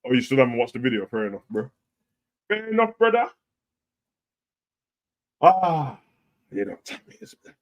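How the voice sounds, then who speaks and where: Man, live-stream host, blunt and profane, loud one moment, quiet the next. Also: medium pitch, big pitch swings, normal speed, pauses often. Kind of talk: casual live-stream chat.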